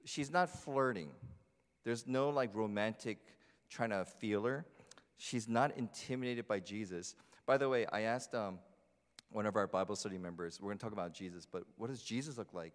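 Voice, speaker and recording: A chatty pastor from New Jersey, with a fairly low voice at normal speed, gives a conversational sermon in a church sanctuary and asks the congregation questions. Long hall reverb surrounds his voice.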